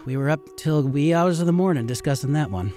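A man's voice: fairly high pitch, animated, fast, over music. A middle-aged man, a river rafting guide, telling stories earnestly and ramblingly in a radio interview.

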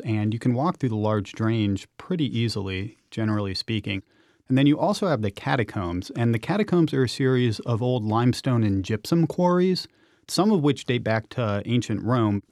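A man's voice: mid-range voice, a little mellow, no echo, studio quality. A man, an urban explorer and author, telling vivid, enthusiastic stories as a guest on a radio interview.

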